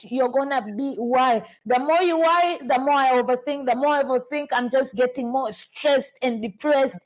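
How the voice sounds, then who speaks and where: A woman from Tanzania hosting a relaxed podcast chat, her voice pitched high. She talks in an animated way, laughs often and stumbles over repeated words as she starts her thoughts. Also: rough recording. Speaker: podcast host.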